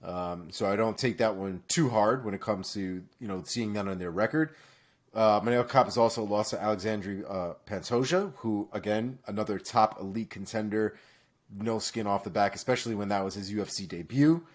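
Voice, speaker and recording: A man's voice: fairly low pitch, moderate pace. A man co-hosting a podcast, running through fight news casually with frequent fillers. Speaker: podcast co-host.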